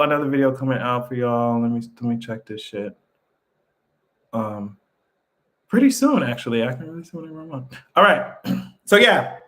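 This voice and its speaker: Man, livestream host, casual chat, profane, animated, pitch leaping up, laughs often, slightly high voice. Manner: laughs often between remarks.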